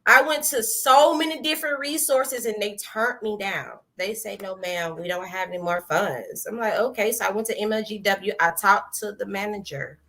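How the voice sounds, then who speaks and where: A woman giving a testimony, telling her story in a lively way, acting out her own past words and laughing often. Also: mid-range voice, moderate pace, few pauses. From American South. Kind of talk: animated personal storytelling.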